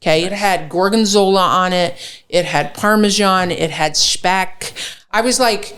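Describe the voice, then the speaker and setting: Unhurried and fairly bright in tone, with a low-ish pitch, a woman chef guesting on a podcast spins a lively story. She curses without restraint and performs the quoted dialogue herself.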